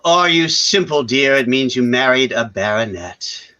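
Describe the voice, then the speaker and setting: A man giving a staged play reading as the affectionate companion of an aging actress, gently teasing and correcting her. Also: medium pitch, lively intonation, measured pace, muffled recording.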